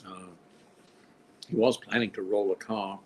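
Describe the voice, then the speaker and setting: A man's voice: on the low side, fairly even intonation, unhurried, darkish tone, slight background noise, rough recording. An older man from Australia, a film director being interviewed, talking in a rambling way with dry, wry humor. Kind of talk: casual interview conversation.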